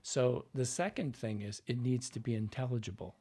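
Male dialect coach in an interview, husky mid-range voice, patient and explanatory. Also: mid-range voice, normal speed, warm tone. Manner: explanatory, demonstrates lines and sounds.

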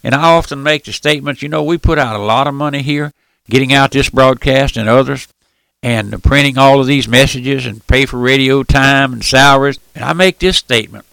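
An older man with a squeaky, folksy voice, preaching a fervent radio sermon and calling his listeners friend and folks. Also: a little fast, creaky, a bit bright, smooth, no echo.

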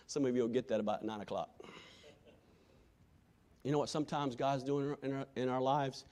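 A male preacher giving a sermon, quoting scripture in old-fashioned wording and swinging from shouted appeals to hushed, quiet lines. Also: medium pitch, fairly even intonation, moderate pace. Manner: impassioned, swinging from loud shouting to hushed tones.

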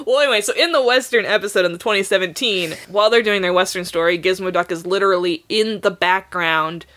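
A woman's voice: mid-range voice, quick pace, fairly bright tone. Chatty laughing woman podcaster. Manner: chatty, laughs often, many "like" fillers. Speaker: podcast co-host. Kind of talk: casual chat about a cartoon.

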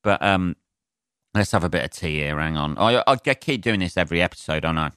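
Deep-voiced sweary English comic. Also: male voice, a little fast, a bit bright, clear, resonant tone, no echo, studio quality. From England. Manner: sarcastic, sweary, rambling with many fillers. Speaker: comedian podcast host. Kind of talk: solo comedic rant.

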